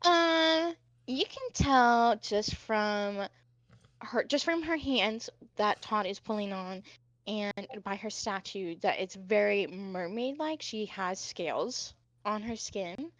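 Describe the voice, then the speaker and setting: A woman's voice: medium pitch, takes it slowly, lo-fi sound. A woman running a tabletop game. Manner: relaxed, with fillers and laughs. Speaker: game master.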